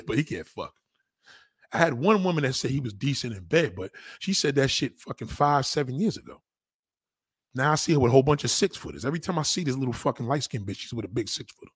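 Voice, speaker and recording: A man's voice: mid-range voice, very animated, brisk, breathy edge, dry recording, clean studio sound. A man hosting a livestream, ranting crudely and brashly to his chat and sliding into mocking voices. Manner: brash, profane, lapses into mock voices. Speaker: livestream host.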